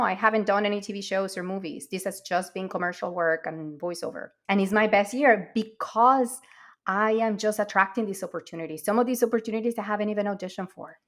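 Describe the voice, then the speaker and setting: A woman speaking English, a guest in an interview, upbeat and confident. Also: medium pitch. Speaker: guest, acting coach. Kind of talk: casual interview chat.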